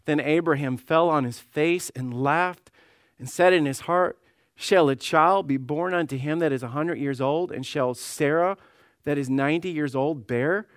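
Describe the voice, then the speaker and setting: Male pastor, sermon, scripture reading, slightly high voice, dry sound. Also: dry recording. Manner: repeats words when emphatic, voices God and Sarah in quotes; reads scripture in old-style wording. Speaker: lead pastor.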